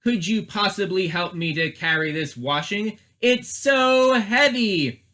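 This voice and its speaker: A man's voice: high voice, expressive, takes it slowly, sharp tone, full character voice. A man voicing a weary, pleading old washerwoman in a children's storybook.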